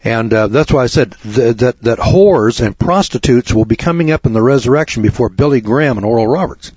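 A man preaching an informal sermon as a lay preacher, blunt and folksy with rough language. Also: medium pitch, expressive, brisk, darkish tone, no room sound, dull audio.

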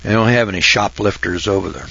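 A man's voice: on the low side, fast, gravelly, pushed and bright, slight background noise. An older man telling a long rambling story in a folksy, drawling way, full of fillers and restarts, then moving into Bible commentary. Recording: dull lo-fi recording.

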